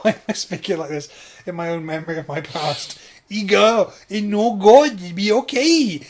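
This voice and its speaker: A man voices a simple-minded, childlike grown man who speaks in broken grammar. The voice sits high above his own and comes out loud and giggly. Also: normal speed, noisy background, close to an everyday voice. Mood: dreamy. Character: dim-witted childlike man dreaming of film endings.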